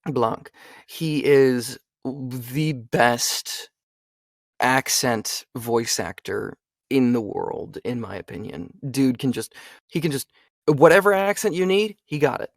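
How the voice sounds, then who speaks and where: A man's voice: medium pitch, takes it slowly, vocal fry, no echo, studio quality. A young adult man, a voice actor, chatting casually in an interview with lots of fillers. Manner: animated, chatty, frequent fillers. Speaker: voice actor guest.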